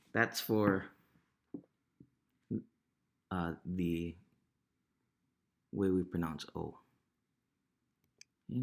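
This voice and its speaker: A man, teaching vowel sounds in a casual, unhurried way and often asking "right?". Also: low voice. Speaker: language teacher. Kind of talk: casual pronunciation lesson.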